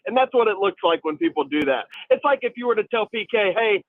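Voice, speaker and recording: A man phoning in to a sports talk show, his high voice squeezed through a tinny phone line. He rambles casually and throws in dude. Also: lively intonation, fast, few pauses, no echo. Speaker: caller. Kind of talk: casual call-in chat.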